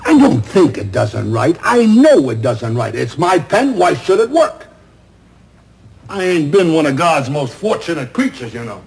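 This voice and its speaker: An actor playing a middle-aged theatrical agent, loud, sardonic and self-pitying, in a 1970s TV drama. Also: male voice, fairly high pitch, big pitch swings, measured pace, creaky, slight background noise, full character voice. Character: loud, bitter, wisecracking male theatrical agent. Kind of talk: 1970s television drama acting.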